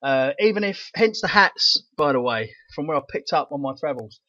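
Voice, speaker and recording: A man's voice: a little high, lively intonation, moderate pace, pushed and bright, no echo. A man with a Cockney accent and a rattly voice, hosting a casual vlog with an enthusiastic, rambling manner. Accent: London Cockney. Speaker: crypto channel host. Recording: dull, lo-fi dry sound.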